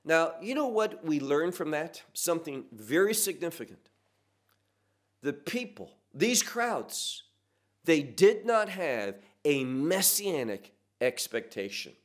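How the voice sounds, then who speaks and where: A man's voice: fairly high pitch, big pitch swings, takes it slowly. A man teaching a sermon verse by verse, earnest and emphatic, asking the listeners rhetorical questions. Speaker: pastor. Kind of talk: expository Bible teaching.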